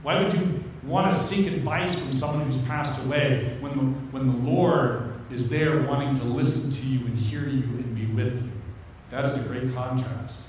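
A man's voice: medium pitch, normal speed, a little mellow, far from the mic, slight background noise. Man preaching in an echoey hall. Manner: conversational, joking asides while teaching scripture. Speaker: pastor. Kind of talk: sermon.

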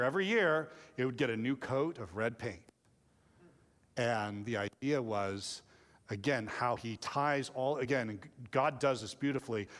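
A man preaching a sermon in lively storytelling fashion, acting out kids and parents along the way. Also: medium pitch. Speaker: pastor. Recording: long hall reverb.

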